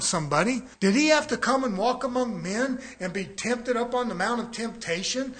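Pastor, high voice, folksy and fervent, swells to loud preaching. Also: male voice, breathy edge. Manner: folksy, rhetorical questions to the congregation. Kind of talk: sermon.

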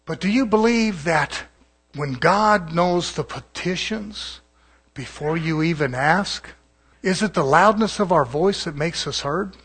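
A man's voice: fairly high pitch, a little slow, a bit bright, husky. A man, a pastor, preaching a folksy, conversational sermon and sometimes mimicking other preachers.

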